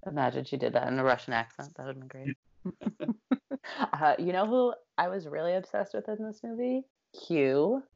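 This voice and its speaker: A woman with a very low, gravelly voice chats casually, adding quick agreements and laughs. Her sound is slightly dull and lo-fi. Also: animated, darkish tone, no echo. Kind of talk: casual movie chat.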